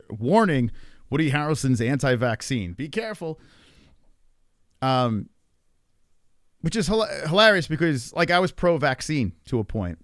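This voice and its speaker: Uomo americano, voce un po' alta, sbraita, volgare, suono asciutto. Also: male voice, on the high side, sing-song, a little slow, pauses often, dry recording, studio quality. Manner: profane, rambling, exasperated. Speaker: streamer. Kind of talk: ranting casual monologue.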